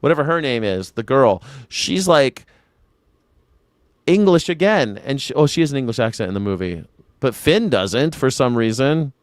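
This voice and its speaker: A man's voice: mid-range voice, expressive, normal speed, no echo, clean studio sound. A man hosting a livestream, reacting with profane, sarcastic rants. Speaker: livestream host. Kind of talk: casual livestream commentary.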